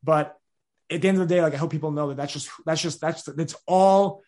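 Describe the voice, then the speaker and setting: A young man talks very fast, piling up restarts as he rambles through his answers. His voice sits a little high and carries constant energy. The talk is a casual, open interview. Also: darkish tone. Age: 20s. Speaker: podcast host being interviewed.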